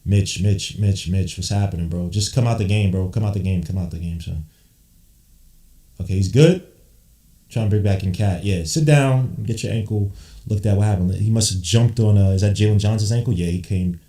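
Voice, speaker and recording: A man calling a basketball game live, switching between low muttered play-by-play and hyped, slangy shouting. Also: normal speed, far from the mic. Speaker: podcast host doing live game commentary. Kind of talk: excited watch-along play-by-play. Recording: roomy echo.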